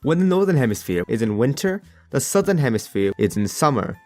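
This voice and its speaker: An Australian man narrates a cartoon story in a jokey, sarcastic voice full of casual slang. His pitch sits in the middle of the male range. Soft music plays underneath him. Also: big pitch swings, brisk. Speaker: animated storyteller. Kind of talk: comedic voice-over narration.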